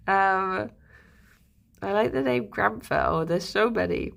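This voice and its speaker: Slow-talking, gravelly streamer woman chatting. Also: medium pitch, animated. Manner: rambling, chatty, with lots of fillers. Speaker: live streamer. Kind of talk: casual chat on a live stream.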